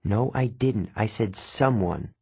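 A man voicing a nervous, touchy young male satyr who talks fast and anxiously, in an audiobook reading. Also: on the low side, creaky, a little mellow, husky, no room sound, heavily acted. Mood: flustered.

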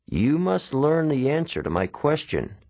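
A man voicing a demanding male Latin teacher in a storybook reading, speaking in a formal, measured, precise way. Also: fairly high pitch, big pitch swings, warm tone, no echo, pitched above the performer's own voice, exaggerated voice. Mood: stern.

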